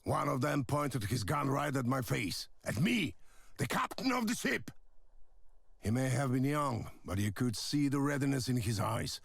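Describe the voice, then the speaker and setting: An actor playing a haunted older male ship captain, recounting events in a game audio log with a gravelly, husky voice. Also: medium pitch, expressive, moderate pace, a bit bright, no echo, heavily acted. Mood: grim. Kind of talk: video game voice acting.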